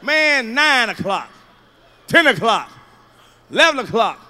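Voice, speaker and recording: A man doing a loud, profane stand-up comedy routine, telling stories with sudden shouts. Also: very high voice, very animated, a little slow.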